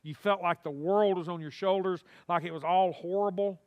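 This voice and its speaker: Over phone-quality sound, a male pastor preaches in a church sanctuary at a moderate pace. He has a high voice for a man and a folksy, animated delivery, often urging the congregation to respond.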